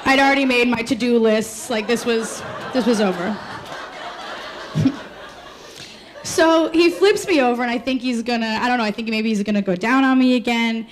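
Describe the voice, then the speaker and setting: A woman telling a funny personal story on stage, animated and laughing as she talks. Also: a little high, normal speed. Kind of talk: live comedic storytelling. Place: stage before a live audience. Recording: live room with crowd laughter and noise.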